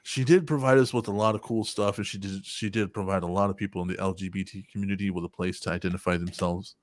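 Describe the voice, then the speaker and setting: A man's voice: low voice, fairly even intonation, quick pace, dry recording. A man in his forties hosting a casual podcast chat, rambling and swearing often, with frequent laughs. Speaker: podcast host.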